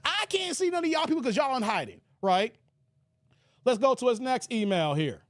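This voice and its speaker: A combative man hosts his own channel, reading hostile emails aloud and mocking them. His pitch jumps around a lot as he rants, and he keeps tossing in "here" as filler. The sound is dry and close to the mic. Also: expressive, normal speed, no room sound. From United States. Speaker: channel host. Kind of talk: reading emails and ranting on camera.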